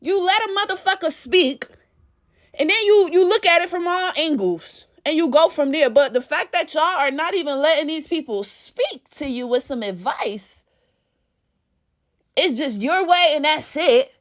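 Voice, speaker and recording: A woman's voice: sits high, animated, unhurried. Woman vlogger, exasperated and cussing freely. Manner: blunt, profane, exasperated. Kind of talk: casual rant to camera.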